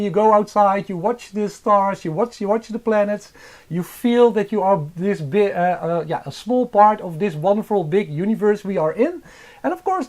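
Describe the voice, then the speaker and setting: Dutch-accented male host, hesitant live-stream delivery, soft dark timbre, budget microphone. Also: high-pitched. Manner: hesitant, many filler sounds and restarts. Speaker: astrophotography channel host. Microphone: cheap microphone.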